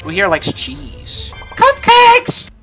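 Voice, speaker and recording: Jumpy, lively let's play gamer. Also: mid-range voice, normal speed, music in the background. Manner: excitable, yelps and laughs at jump scares; mock insults and silly jokes. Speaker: gaming YouTuber.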